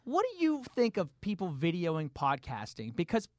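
A man's voice: high voice, wildly swooping pitch, no echo, clean studio sound. Chatty enthusiastic podcast host man. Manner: chatty, enthusiastic, quick asides. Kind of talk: casual interview chat. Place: podcast studio.

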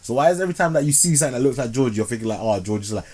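A man's voice: medium pitch, animated, very fast, darkish tone. A man hosting a podcast, casually reviewing films in a slangy, rambling way. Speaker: podcast host. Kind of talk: casual film review chat.

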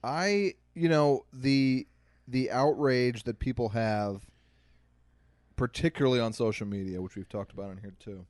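A man's voice: medium pitch, unhurried, a little mellow, no echo. A man hosting a podcast, chatting casually and telling anecdotes in a conversational way. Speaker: podcast host. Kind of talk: casual chat.

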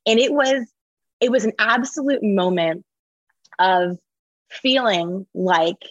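A woman author and entrepreneur, speaking as an interview guest in an energetic, emphatic, motivational way. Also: mid-range voice, takes it slowly, dry recording, lo-fi sound. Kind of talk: conversational interview.

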